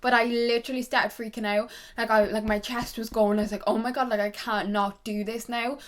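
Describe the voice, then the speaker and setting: Young woman, higher voice, chatty, gossipy storyteller, vlog chat. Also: level tone, a little fast. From Ireland. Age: young adult. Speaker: YouTuber. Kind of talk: casual chat to camera.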